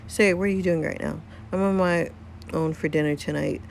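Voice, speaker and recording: A woman voicing a warm, doting middle-aged mother in a story game, gushing and motherly. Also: low voice, fairly even intonation, moderate pace, vocal fry, slight background noise.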